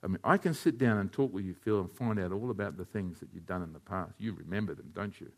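A man preaching a sermon, telling stories and speaking to listeners by name. He drops to hushed, quiet passages and then rises to loud, shouted climaxes. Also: low-pitched, fast talker. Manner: addresses listeners by name, tells anecdotes.

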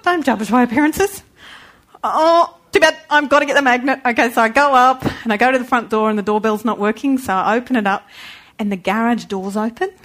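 A woman telling a lively personal story to a church audience, acting out the people in it. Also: a little high, fairly quick. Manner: animated, acts out the people in her story. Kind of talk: storytelling sermon.

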